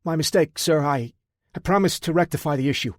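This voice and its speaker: A man's voice: fairly high pitch, brisk, no room sound, clean studio sound, voice pushed up, lightly acted. A man voicing a nervous male contractor who pleads in a shaky, warbling voice. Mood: pleading.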